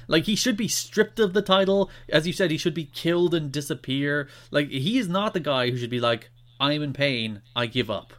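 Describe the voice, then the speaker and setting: A man co-hosting a podcast in casual chat, ranting in an animated, exasperated way. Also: on the high side, brisk, few pauses. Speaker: podcast co-host.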